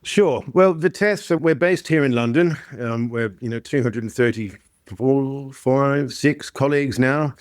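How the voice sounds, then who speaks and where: A man's voice: medium pitch, a little slow, no room sound, clean studio sound. A man in his fifties with an Australian accent, a guest chatting casually in a podcast interview with plenty of fillers. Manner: relaxed, chatty, frequent fillers. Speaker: guest, company founder.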